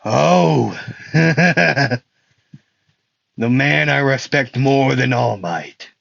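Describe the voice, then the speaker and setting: A menacing adult male villain, voiced by a man speaks in a raised, strained tone. He drags his words slowly, and the recording sounds dull and dry, like a home mic. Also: mid-range voice, expressive, vocal fry, fairly bright tone, no echo, full character voice. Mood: sneering.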